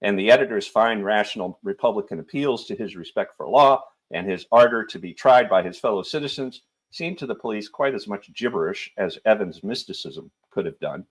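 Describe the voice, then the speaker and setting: Husky-voiced man reading a novel aloud. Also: on the low side, animated, brisk, hardly any pauses.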